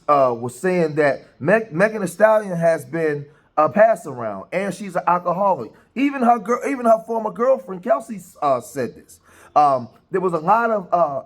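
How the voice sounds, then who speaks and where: A man delivers casual news commentary in a somewhat raised voice, pausing often and restarting his sentences with plenty of filler sounds. His speech comes across as loose and unscripted. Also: sits high. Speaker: commentary channel host.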